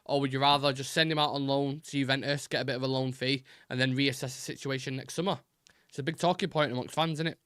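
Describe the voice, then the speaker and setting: A man's voice: mid-range voice, steady tone, fast, fairly bright tone, no room sound, studio quality. A young man hosting a live fan show, chatting loosely with fillers and restarts, his voice fraying a little. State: voice keeps going. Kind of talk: casual live-stream chat.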